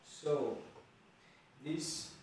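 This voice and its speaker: A man with a slightly mellow voice speaks very slowly in a casual self-filmed vlog, chatting to himself and his viewers and chuckling often. He's in a small, very echoey room, recorded on a distant mic with faint hiss.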